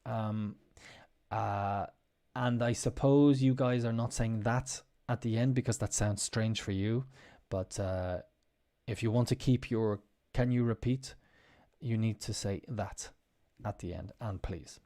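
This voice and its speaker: A man's voice: on the low side, a little slow, mellow. A man teaching English in a casual spoken lesson. He explains patiently and repeats example phrases with strong intonation. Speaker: podcast host.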